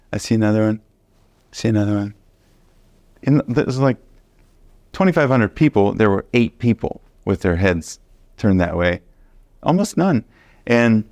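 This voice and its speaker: A man teaching a Bible study sermon, earnest and animated, stressing points by repeating them. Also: low voice, gravelly, dry recording. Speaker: preacher.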